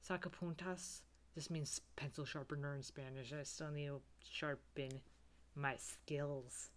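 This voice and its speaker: A woman's voice: low-pitched, steady tone, a little hiss or hum. A woman playing a goofy young male student who laughs at his own jokes. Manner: slow, dragging, self-amused. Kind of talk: comedy sketch character.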